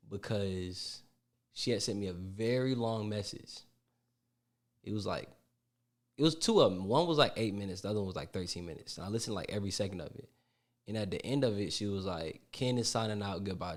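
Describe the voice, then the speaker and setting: A man's voice: fairly low pitch, moderate pace. A young man co-hosting a podcast, telling his side of a story in candid, slangy casual chat. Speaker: podcast co-host.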